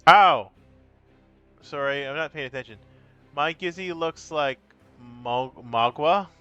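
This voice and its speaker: Fairly high in pitch and slow, this man's voice is pushed and bright, with a clear, resonant tone. The recording has no room sound but is muffled, with faint background music. He streams a card game, chatting playfully and rambling with viewers in casual live-stream talk, and breaks into silly sing-song.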